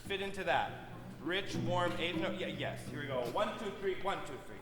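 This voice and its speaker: A man's voice: high-pitched, normal speed, loud music behind the voice. A man conducting an orchestra rehearsal, counting in and singing phrases to show how they go. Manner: energetic, counts in and scats the phrases. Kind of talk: rehearsal instruction. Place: concert hall stage. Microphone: distant room mic. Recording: echoey hall from far off.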